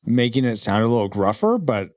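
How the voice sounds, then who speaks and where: A man's voice: mid-range voice, very animated, fairly quick, a little mellow, dry recording, studio quality. A man hosting a casual podcast roundtable in an easygoing way, steering the discussion along. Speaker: podcast host.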